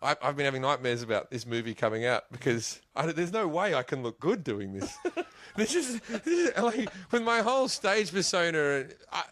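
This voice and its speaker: A man's voice: fairly high pitch, very animated, normal speed, a bit bright, slight background noise. An Australian man, a podcast guest, telling stories in casual chat, laughing often and swearing freely.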